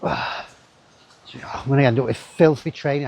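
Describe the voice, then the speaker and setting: Gravelly man vlogging outdoors. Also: medium pitch, slow pace, darkish tone. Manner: chatty, rambling asides to himself. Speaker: travel vlogger. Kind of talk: casual walking commentary. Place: outdoors in a wooded river gorge.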